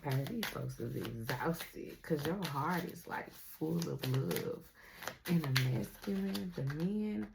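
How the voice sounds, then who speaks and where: A woman's voice: deep voice, expressive, slow pace, gravelly, very noisy. A woman giving a casual tarot reading to her viewers. She uses slang, laughs often and speaks straight to the viewer. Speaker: tarot reader.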